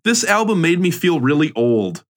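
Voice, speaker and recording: A man's voice: fairly high pitch, big pitch swings, normal speed. A man co-hosting an album review podcast, thinking aloud in a hesitant way. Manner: thoughtful, hesitant, trailing phrases. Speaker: podcast co-host. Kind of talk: casual chat reviewing an album.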